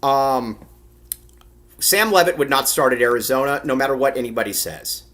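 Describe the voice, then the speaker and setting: A man's voice: medium pitch, animated, moderate pace, fairly bright tone. A man hosting a live sports talk show, chatty and self-deprecating.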